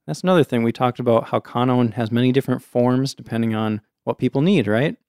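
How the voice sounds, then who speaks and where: Smooth-voiced man reading a folktale. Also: mid-range voice, fast talker, darkish tone, no room sound, studio quality. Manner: reads steadily, breaks off for chatty asides. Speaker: storyteller host. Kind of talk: casual folktale reading with asides.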